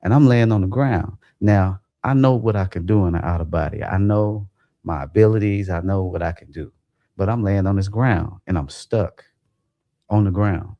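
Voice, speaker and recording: Gravelly-voiced man telling a wild story. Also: normal speed, dry recording, dull audio. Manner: animated, profane, jumps to high pitch when quoting himself. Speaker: livestream host. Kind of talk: casual storytelling about a dream.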